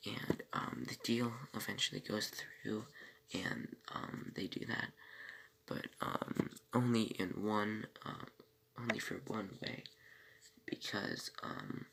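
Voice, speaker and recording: A man's voice: lowish voice, steady tone, slow, gravelly, background noise. A man casually recapping a TV episode, rambling with many fillers and self-corrections and breaking off for small asides. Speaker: TV episode reviewer.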